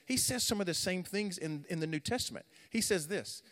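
A male youth preacher with a somewhat high voice, retelling scripture with rising, dramatic force. Between the story beats he drops into relaxed, chatty asides with plenty of ums and restarts. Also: fairly quick. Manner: casual, conversational asides with fillers and restarts. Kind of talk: sermon.

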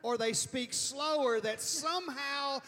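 A man from Alabama preaching a sermon with emphatic, animated delivery, sometimes mimicking loud slow speech. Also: extremely high pitch. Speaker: pastor. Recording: reverberant church hall.

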